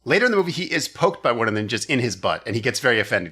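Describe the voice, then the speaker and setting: A man with a bright, forward voice recaps a movie on a comedy podcast. He chats casually and drops into quick silly impressions of the characters. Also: medium pitch, big pitch swings.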